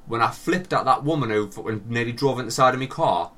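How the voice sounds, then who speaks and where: A man's voice: mid-range voice, fast talker. A young man with a Northern English accent, co-hosting a casual chat and animatedly acting out his stories with plenty of swearing. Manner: animated storytelling, acts out quotes, swears a lot. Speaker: podcast co-host.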